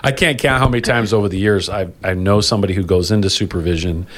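A man with a fairly low voice hosts a casual union podcast. He talks loosely, circling back to correct himself and breaking into easy laughter between points. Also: quick pace. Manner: rambling, self-correcting, laughs easily.

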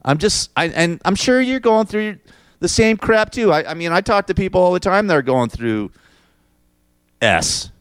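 Smooth-voiced middle-aged man ranting casually. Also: high voice, normal speed, no echo. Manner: crude, swearing, animated storytelling. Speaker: show host. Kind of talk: rambling casual monologue.

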